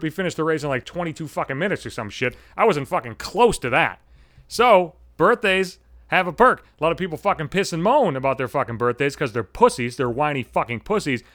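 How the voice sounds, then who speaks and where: A man in his mid-thirties hosts a solo podcast in a brash, foul-mouthed, sardonic rant. His voice sits a little high for a man. The sound is dry and close, with almost no room around it. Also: a bit bright, dry recording. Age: 30s. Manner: profane, brash, sardonic ranting. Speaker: podcast host.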